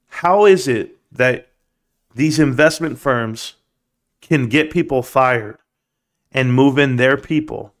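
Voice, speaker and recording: A man's voice: medium pitch, slow. A man hosting a livestream, ranting casually with rambling stories and emphatic rhetorical questions. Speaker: livestream host. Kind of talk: casual stock-market rant.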